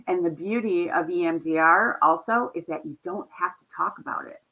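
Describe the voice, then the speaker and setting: A woman counselor, a guest in an interview, telling animated stories about her clients, often laughing and quoting their words. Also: on the low side, moderate pace, phone-quality sound. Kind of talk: conversational interview storytelling.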